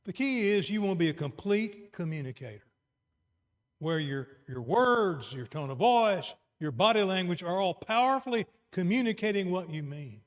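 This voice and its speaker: A middle-aged man preaching a sermon, moving between quiet, earnest emphasis and raised exhortation. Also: sits high, animated, normal speed.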